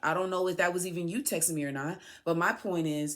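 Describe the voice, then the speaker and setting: A podcast host delivers an emotional personal monologue to her son, sounding aggrieved and pleading and repeating herself for emphasis. Her voice is on the low side, steady, fast and a bit bright.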